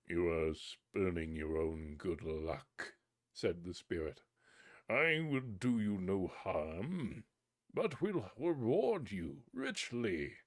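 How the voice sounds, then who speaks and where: A man reads a fairy tale aloud in a low, measured voice, lifting it a little for the characters' lines. The recording is close and dry, with no room sound. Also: big pitch swings, no echo. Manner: unhurried, lightly voicing the characters' lines. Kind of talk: storybook reading aloud. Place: home streaming setup.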